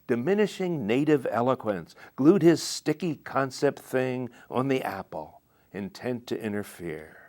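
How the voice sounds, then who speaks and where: Older man reading poems slowly. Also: medium pitch, a little mellow. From United States. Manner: slow, measured reading with thoughtful pauses. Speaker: poet. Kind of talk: poetry reading and reflective talk. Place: TV studio.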